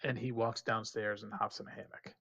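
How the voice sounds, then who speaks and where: A man's voice: on the low side, level tone, fairly quick, creaky, pushed and bright, husky. Man casually narrating as game master. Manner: casual, filler-heavy narration with 'um' and 'like'.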